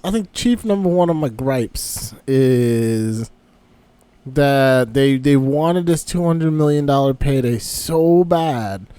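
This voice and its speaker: A man's voice: medium pitch, lively intonation, slow pace, mellow, clear, resonant tone, dry recording. Man chatting on a dry close mic. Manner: joking, drops into impressions. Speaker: podcast co-host. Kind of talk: casual wrestling chat.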